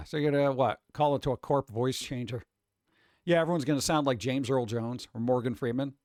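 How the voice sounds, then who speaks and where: A man's voice: medium pitch, a little fast, darkish tone, no echo, clean studio sound. A man hosting a live stream, chatting casually, reading chat aloud and swearing now and then. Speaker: streamer host.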